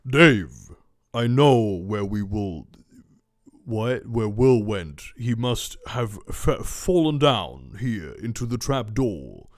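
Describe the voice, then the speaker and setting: Brief: man doing a stiff female sleuth, lowered voice, slow, dry close sound. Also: animated, dry recording. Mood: earnest. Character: earnest young female detective.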